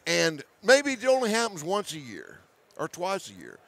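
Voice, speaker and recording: A man telling a hunting story as a guest, animated, laughing often, with hurried restarts and repeated words. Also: sits high, gravelly. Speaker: hunting show host as guest. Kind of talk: storytelling in conversation.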